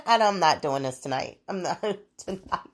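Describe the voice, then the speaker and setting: Her voice is on the low side and expressive, moving at a normal speed. She's a young adult woman chatting alone on her own podcast, rambling casually, swearing, and laughing often.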